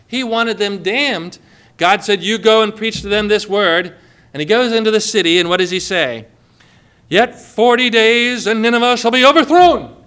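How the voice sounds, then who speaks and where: A man's voice: high-pitched, bright, forceful tone, clean tone. A man preaching a sermon, emphatic and acting out the people he quotes. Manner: emphatic, acts out quoted voices.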